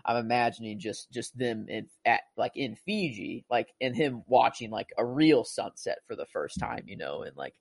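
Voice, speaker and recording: A man's voice: medium pitch, expressive, normal speed, gravelly, few pauses, slightly rough, dry recording. A man chatting casually about a movie, rambling and gushing, full of filler words and restarts. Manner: emotional, gushing about the film.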